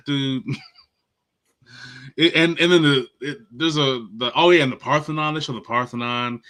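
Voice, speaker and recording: Man, bright forceful tone, swears a lot, emphatic rant, casual podcast reviewer from Nashville. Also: mid-range voice, a little slow. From Nashville, Tennessee. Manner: profane, ranting, emphatic. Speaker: podcast co-host. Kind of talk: casual movie and TV review chat.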